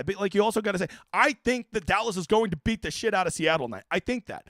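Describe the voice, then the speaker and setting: A man's voice: high voice, no echo, studio quality. A young man hosting a live fantasy football stream, reading viewer questions aloud and answering casually with plenty of swearing. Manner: animated, swearing, reads chat questions aloud. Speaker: fantasy sports livestream host.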